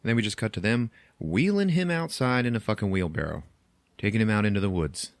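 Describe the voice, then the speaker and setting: A man with a fairly low voice hosts a podcast, walking through a film's plot in loose, chatty recap. He curses freely and laughs at his own jokes. The sound is dry and close. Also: lively intonation, quick pace, vocal fry, no room sound. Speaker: podcast host recapping a film. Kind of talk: casual chat, plot recap.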